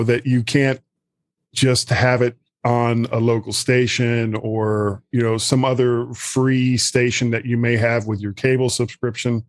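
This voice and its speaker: A man's voice: mid-range voice, dry recording. A man speaking as a podcast guest, thoughtful and hedging, with many fillers. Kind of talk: casual podcast chat.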